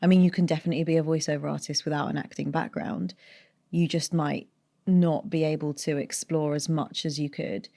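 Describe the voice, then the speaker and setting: A woman from North London speaks in a neutral British accent with a faint North London edge, low and mellow. She is a voiceover artist talking through her work as an interview guest, thoughtful and unhurried, often restarting her sentences. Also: level tone, vocal fry. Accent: neutral British with a North London tinge. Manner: thoughtful, explains at length with restarts. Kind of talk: casual interview chat.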